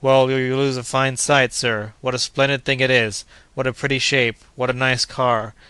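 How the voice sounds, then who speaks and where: A man's voice: medium pitch, level tone, normal speed, bright, forceful tone, clear, resonant tone, dry recording, natural voice. A man voicing a cheerful, loyal young manservant who talks eagerly and respectfully in an audiobook. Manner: eager, respectful, says sir often.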